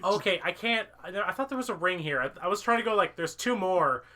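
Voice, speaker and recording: A man plays through a game while trading wisecracks with his co-host. His voice is high and very bright. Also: animated, brisk. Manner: joking, wisecracking. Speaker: let's play player. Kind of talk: casual gaming chat.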